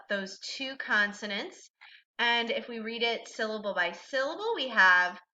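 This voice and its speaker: A woman's voice: on the high side, pushed and bright, lo-fi sound. A woman teaching a recorded reading lesson to a child, patient and encouraging, asking questions and then answering them herself.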